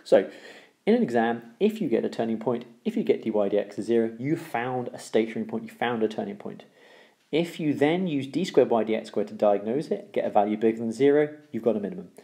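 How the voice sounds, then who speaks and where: Gravelly, dark-voiced man teaching maths. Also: medium pitch, expressive, a little fast. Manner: explains step by step, repeats key rules, checks with "okay?". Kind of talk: recorded maths lesson.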